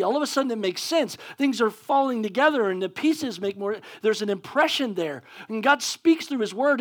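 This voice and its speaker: A man preaching a sermon as pastor, casual and conversational, acting out scenes with animated energy. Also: very high voice.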